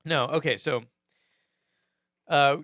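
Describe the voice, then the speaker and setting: A man's voice: on the high side, slow, a bit bright, no echo, studio quality. A man co-hosting a podcast in casual chat, joking and swearing as he reads out listener comments. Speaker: podcast co-host.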